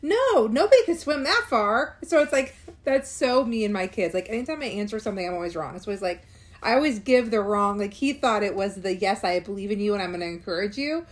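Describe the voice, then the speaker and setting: A woman's voice: mid-range voice, lively intonation, fast. A woman in her thirties, a mother co-hosting a casual podcast, chatty and acting out quoted lines in little voices. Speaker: podcast co-host. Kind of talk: casual chat about a cartoon.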